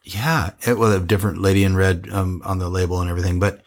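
Host, male, low-pitched, rambling casual wine-tasting chat. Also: fairly even intonation, fast. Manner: rambling, self-interrupting.

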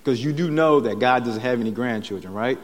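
A man's voice: medium pitch, brisk. Male pastor, chatty sermon delivery, tags lines with "right?", long church reverb. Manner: conversational preaching with frequent "right?" tags. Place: church sanctuary.

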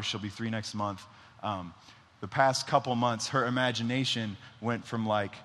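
A man's voice: mid-range voice, fairly bright tone. Young guy preaching casual in a church hall, checks the crowd a lot, big long reverb. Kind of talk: conversational sermon.

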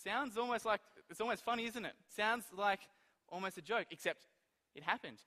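A man preaching a sermon, telling stories in an animated way and acting out the quoted lines. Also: high-pitched, normal speed, big-room sound.

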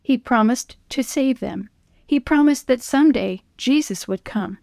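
Female storyteller, gentle scripted narration, higher voice, dry. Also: measured pace, creaky, no room sound, faint music behind.

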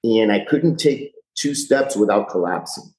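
Firefighter guest in a roomy-sounding room. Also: male voice, lowish voice, animated, unhurried, a little mellow. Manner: candid, chatty retelling with frequent "you know". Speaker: fire rescue lieutenant guest. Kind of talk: podcast interview, storytelling. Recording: roomy echo.

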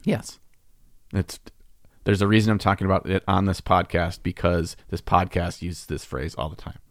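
A man's voice: low-pitched, fairly even intonation, normal speed, no echo, clean studio sound. A man co-hosting a podcast, chatting casually in a playful, teasing way and laughing often. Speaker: podcast co-host.

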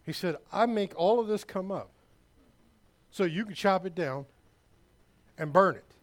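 A male pastor preaching a sermon, emphatic and loud, with asides to the congregation. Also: high voice, expressive, measured pace.

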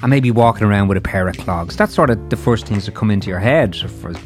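Chatty Irish man with a low voice. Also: fast, soft background music. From Ireland. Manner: chatty and rambling, with frequent restarts and asides. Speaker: podcast host. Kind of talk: casual interview chat.

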